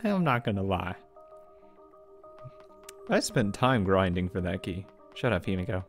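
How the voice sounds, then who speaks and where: A man commentates his video game run and reads the characters' lines himself. His pitch swings widely as he moves between voices, and he breaks off into frustrated, profane remarks. Faint game music plays underneath. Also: a little slow. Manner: animated voice shifts between characters. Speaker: let's play host. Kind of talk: reading game dialogue aloud with commentary.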